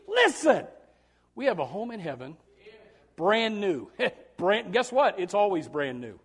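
High-voiced folksy preacher. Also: male voice, huge pitch swings, measured pace, husky. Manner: folksy, rambling, swells to loud preaching shouts. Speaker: pastor. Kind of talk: sermon.

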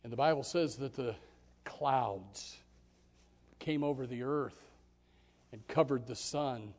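A man preaching a sermon with passion, jumping from loud exclamations to hushed lines and repeating words at the start of phrases. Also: medium pitch, slow.

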